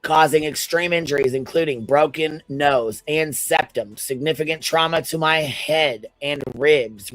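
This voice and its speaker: A man's voice: mid-range voice, a bit bright, no room sound, poor audio. Blunt, profane man on a livestream. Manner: blunt and profane, incredulous asides. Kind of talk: livestream commentary, reading a legal document aloud.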